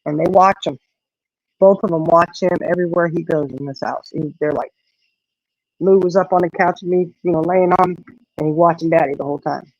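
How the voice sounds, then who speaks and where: A woman's voice: on the low side, steady tone, a little fast, darkish tone, no echo, lo-fi sound. An older woman hosting a casual chat, rambling through stories with lots of fillers. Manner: chatty, rambling storyteller with many fillers. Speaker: host.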